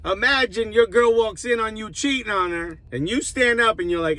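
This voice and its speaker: A man's voice: extremely high pitch, fairly quick, hardly any pauses. A man joking and ranting about his football club while driving through city traffic, filming on his phone. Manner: animated, joking, profane, slangy. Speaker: football fan vlogger. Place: inside a car in city traffic. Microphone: phone camera in a moving car. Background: car sounds.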